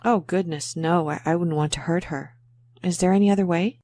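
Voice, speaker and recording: A woman's voice: on the low side, steady tone, fairly quick, dark tone, no room sound, lightly acted. A woman playing a worried dog owner in a scripted exam listening dialogue, chatty and a little embarrassed. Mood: talkative worried. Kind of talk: scripted exam role-play.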